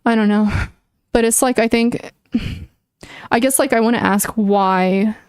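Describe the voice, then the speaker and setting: A woman's voice: fairly high pitch, steady tone, a little slow, darkish tone, clean tone, no echo, clean studio sound. A young woman streaming, chatting casually with viewers and thinking aloud in an earnest, opinionated way, with many likes and restarts. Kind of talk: casual livestream chat answering viewers.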